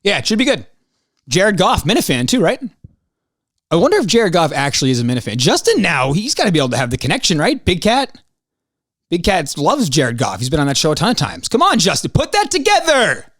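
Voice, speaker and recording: A man hosts a podcast alone, talking casually in a ranting, swearing monologue, and his voice jumps up whenever he gets worked up. His pitch is a little high and swoops wildly, his pace brisk, his tone fairly bright. The sound is clean studio audio without echo.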